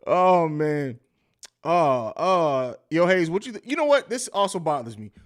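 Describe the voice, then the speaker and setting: High-voiced casual man hosting a stream. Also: big pitch swings, a little slow. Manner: loose and profane, laughs often, reads viewer chat aloud. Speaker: podcast host. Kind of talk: casual live-stream chat.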